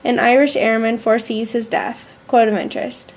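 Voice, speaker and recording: A woman, a student, reading her school journal aloud in an earnest, measured way with slow pauses. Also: on the high side, fairly even intonation, creaky.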